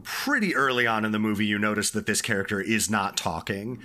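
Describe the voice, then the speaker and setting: A man's voice: fairly low pitch, brisk, sharp tone, a little hiss or hum. A man co-hosting a casual movie podcast, cracking absurd jokes while recapping the plot. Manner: joking, absurd riffs. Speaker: podcast co-host.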